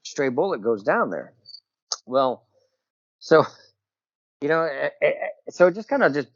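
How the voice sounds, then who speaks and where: A middle-aged military veteran telling a personal story as a podcast guest, talking loosely and peppering it with "you know" and "right?". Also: male voice, a little high, very animated, measured pace, no room sound. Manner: rambling, full of "you know" and "right?" tags. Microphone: remote call over Skype. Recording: dull, dry call audio.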